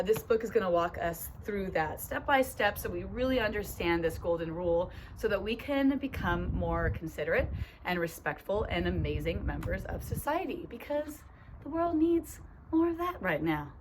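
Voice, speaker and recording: A woman's voice: medium pitch, animated, normal speed, noisy background. A young woman teacher reading a picture book aloud to children on her phone, bubbly and chatty. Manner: bubbly and chatty, lots of "right?" asides and giggles.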